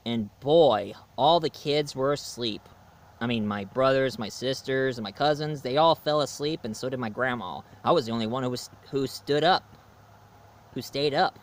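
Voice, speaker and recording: A man's voice: mid-range voice, fairly bright tone, clear, resonant tone. A man from the United States chatting in a rambling way through a casual video review, laughing at his own jokes.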